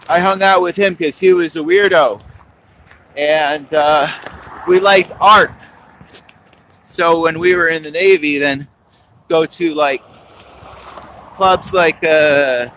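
Slow, rambling man telling jokes. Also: on the high side, pushed and bright, a little hiss or hum, low-quality recording. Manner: rambling, halting, meandering. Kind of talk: improvised stand-up and rambling storytelling.

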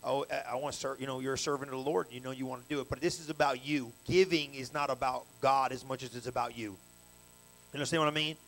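A man preaching a sermon at a church service in a colloquial, storytelling way, full of slang, with energetic bursts that rise to loud peaks. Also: mid-range voice, quick pace, rough recording.

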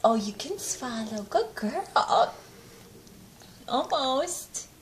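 A woman's voice: high voice, sing-song, takes it slowly. A woman filming her baby's feeding at home, talking to the baby and the dog in a sing-song baby voice with lots of laughter. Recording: echoey room with faint noise.

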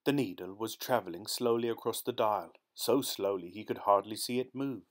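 A man narrating a short story as an audiobook reader, in a steady, measured way. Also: on the low side. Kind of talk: scripted narration.

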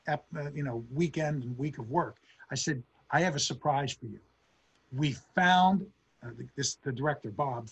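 A man's voice: a little high, husky. A middle-aged man, a historian, giving a storytelling lecture and acting out the quotes in a raised voice.

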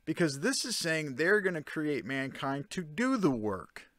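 A man's voice: fairly high pitch, sing-song, unhurried, a bit bright, dry recording. A man giving a casual spoken explanation, often checking in with the listener by asking "Okay?" and "Right?". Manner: conversational, with fillers and restarts. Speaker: self-taught commentator on ancient texts.

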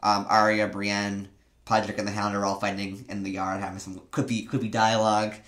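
A man's voice: on the low side, completely flat delivery, fairly quick, a bit bright. A young man co-hosting a casual chat, rambling and full of "like" and "um". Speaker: co-host.

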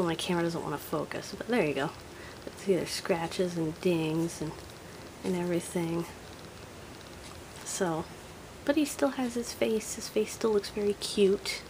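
A woman chatting casually and nostalgically while showing off her old toy collection at home. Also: fairly low pitch. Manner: chatty and nostalgic, thinking aloud. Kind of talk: casual show-and-tell. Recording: noisy home recording.

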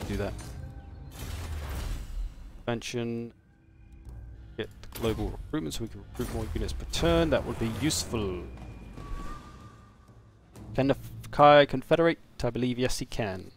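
A man's voice: medium pitch, expressive, measured pace, pauses often, faint music behind. A man casually commenting on his game stream, chatting and swearing while answering viewers.

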